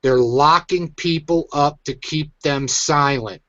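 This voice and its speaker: A man's voice: on the high side, slow, bright, forceful tone, no room sound, muffled recording. A man hosting his own online show, venting in an agitated, emphatic rant. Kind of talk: angry ranting commentary.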